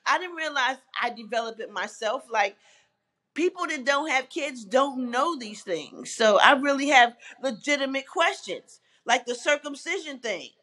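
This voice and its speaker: Bright, blunt woman chatting candidly. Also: high-pitched, lively intonation, moderate pace. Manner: blunt, swears, laughs often. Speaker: interview guest. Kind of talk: casual, candid chat.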